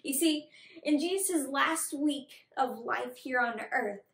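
Young woman kids' pastor, super upbeat, high voice, echoey room. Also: takes it slowly. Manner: bubbly, enthusiastic storytelling. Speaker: children's pastor. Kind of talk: kids' online sermon.

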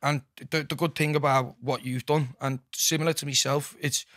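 A young man with a Liverpool accent, a musician chatting casually on a podcast, sweary and animated. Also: on the high side, dry recording, studio quality. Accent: Liverpool (Scouse). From Liverpool, England. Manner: fast, sweary, animated storytelling. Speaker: musician guest. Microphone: studio mic.

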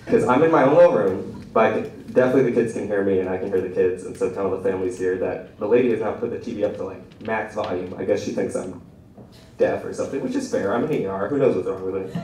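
A man's voice: lowish voice, quick pace, a little mellow, slight background noise. A young man telling a rambling, self-deprecating stand-up story at an open mic, often laughing at his own jokes. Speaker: stand-up comedian. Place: small room at an open mic. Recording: echoey room from a distant mic.

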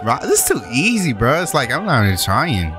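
A young man trash-talking his opponent while commentating a basketball video game, with playful taunts and high yelps. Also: huge pitch swings, brisk, music in the background. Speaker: YouTube gaming creator.

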